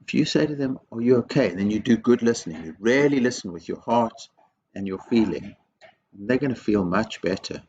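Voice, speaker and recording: A man's voice: lowish voice, lively intonation, normal speed, darkish tone. A man, a headteacher giving an assembly talk to young children, emphatic and teacherly, repeating key words and asking lots of questions. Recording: dull lo-fi video recording with faint background noise.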